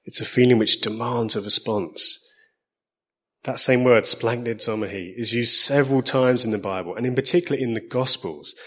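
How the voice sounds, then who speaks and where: Husky-voiced man preaching with an Essex accent. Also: medium pitch, a bit bright. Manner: measured, earnest, slows to stress key lines. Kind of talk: sermon.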